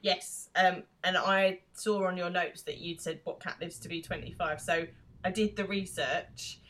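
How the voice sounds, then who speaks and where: A woman's voice: lowish voice, fairly even intonation, unhurried, fairly bright tone. A woman co-hosting a podcast in casual chat, laughing often as she recaps an episode. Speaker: podcast co-host.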